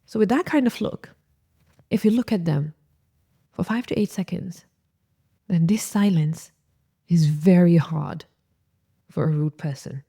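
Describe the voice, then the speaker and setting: A woman speaks in a gentle, coaching tone, giving advice to listeners. Her voice sits a little low and sounds warm and mellow. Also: unhurried, pauses often, husky. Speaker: relationship advice host. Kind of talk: advice talk to camera.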